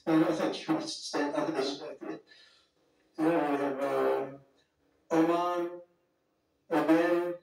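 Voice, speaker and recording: Guy rambling through a speech, kinda high voice, really echoey big room. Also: fairly even intonation, slow pace, creaky, pauses often, a little mellow. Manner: rambling, digressive, folksy asides. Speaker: speaker greeting leaders at a summit. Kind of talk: off-the-cuff public speech. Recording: very echoey hall, distant mic, faint music.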